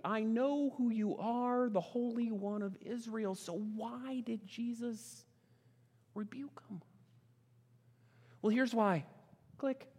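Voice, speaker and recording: A man preaching a sermon as a pastor, speaking emphatically and swinging between loud passages and hushed ones. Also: very high voice. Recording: long reverb of a large hall.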